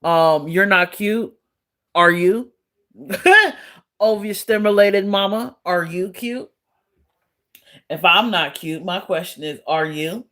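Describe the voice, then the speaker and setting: Slow-talking sassy woman streamer. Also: lowish voice, a bit bright. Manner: blunt, profane, sassy, laughs often. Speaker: live streamer. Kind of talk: casual livestream chat answering viewers.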